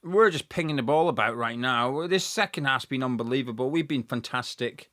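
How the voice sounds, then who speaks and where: A young man hosting a live football watch-along, chatting excitedly and reading out viewers' messages. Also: medium pitch, fairly quick. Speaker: fan channel host.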